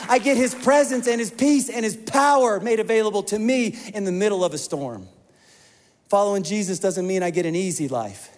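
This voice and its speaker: A man preaching a sermon as pastor, an animated storyteller who acts out the quoted voices. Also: sits high. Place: church hall. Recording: long hall reverb.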